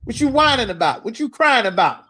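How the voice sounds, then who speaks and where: A man playing a stern father who scolds his son with quick questions. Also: extremely high pitch, sing-song, bright, forceful tone, exaggerated voice. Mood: scolding. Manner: scolding, rapid-fire questions.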